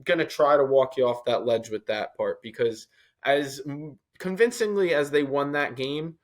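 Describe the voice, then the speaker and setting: A man's voice: mid-range voice, moderate pace. A man with a New York accent co-hosting a sports podcast, giving blunt, opinionated takes in casual chat. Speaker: podcast co-host.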